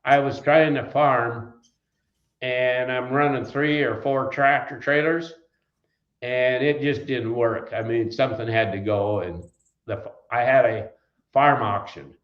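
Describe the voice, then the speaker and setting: In an unhurried, medium-pitched voice, an older trucking company founder from Wisconsin, USA, shares rambling, folksy anecdotes in an interview, with plenty of restarts. The room is echoey and the recording muffled.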